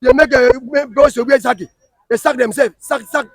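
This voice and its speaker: A man's voice: very high voice, steady tone, fairly quick, vocal fry, dry recording. A man with a Nigerian Pidgin accent, arguing emphatically and repeating himself in a heated street interview. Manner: emphatic, repetitive, scolding.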